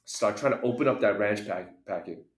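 A man's voice: lowish voice, normal speed. A young man on a podcast, telling a story in casual chat, acting out voices and laughing along the way. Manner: animated storyteller, acts out voices, laughs often. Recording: echoey room.

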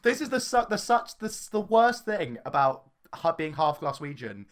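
A man's voice: on the high side, very animated, moderate pace, heavy background noise. A man with a southern English accent, co-hosting a casual podcast chat and laughing often. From southern England. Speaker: podcast co-host.

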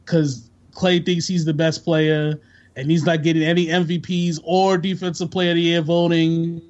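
A man's voice: a little high, little pitch movement, moderate pace, darkish tone. A man chatting casually about sports on a podcast, laid-back and slangy, rambling from one thought to the next. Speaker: podcast co-host. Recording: dull lo-fi sound.

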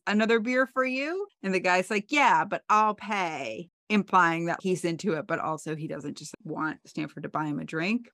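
A woman co-hosting a podcast, casually recapping a TV episode with animated storytelling and playful quoted voices. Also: low-pitched, no echo, clean studio sound. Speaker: podcast co-host.

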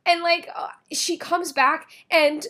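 Woman, twenties, high voice, podcast co-host, casual chat, animated storytelling, acts out quotes, swears. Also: slow. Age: 20s.

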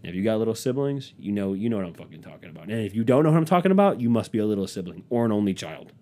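A man's voice: on the low side, sing-song, rapid-fire, mellow. A man hosting a casual solo podcast. He rants in a profane, sarcastic way and mocks other people by quoting them. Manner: profane, sarcastic ranting with mock quotes. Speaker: podcast host.

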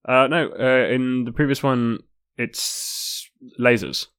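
A man co-hosting a podcast in casual chat, laid-back and halting, often giving short agreeing replies. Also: medium pitch, fairly even intonation, a bit bright, clean tone, no echo, clean studio sound. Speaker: podcast co-host.

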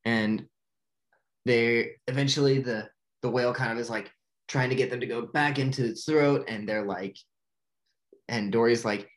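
Rambling young man recapping a movie. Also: medium pitch. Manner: rambling, filler-heavy with frequent "like"; quick bursts of excited acted-out quotes. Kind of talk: casual spoken movie recap.

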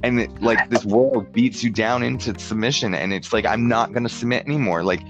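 A man with a fairly bright, medium-pitched voice tells a story briskly in casual conversation, rambling and filling it with "like." He shifts into other people's voices for quotes, and the lo-fi audio is dull, with faint guitar in the background.

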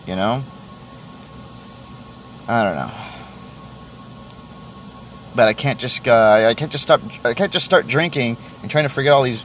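Podcast host, male, mid-pitch, stumbling rambling vent with heavy swearing, faint air-con hum. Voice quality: stammering, restarts phrases often, swears freely. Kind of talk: solo podcast monologue, venting.

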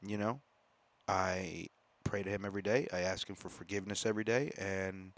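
A man hosting a solo podcast as a comedian, talking in a profane, rambling, animated monologue. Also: low-pitched, fairly quick, dry recording. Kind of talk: casual monologue.

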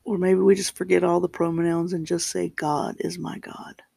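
A man with a fairly high voice and a gravelly edge reads scripture slowly, pausing between phrases. He talks as a pastor giving a reflective sermon. The sound is dry and close. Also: flat delivery, mellow, no echo. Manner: slow, deliberate reading with pauses and restarts.

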